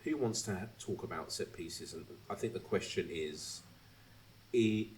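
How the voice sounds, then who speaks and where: A very deep-voiced man hosts a casual podcast chat. He rants with animated asides, slips into mocking voices and swears freely. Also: measured pace, a little hiss or hum. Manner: animated, swearing, mimics others mid-rant. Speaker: podcast host.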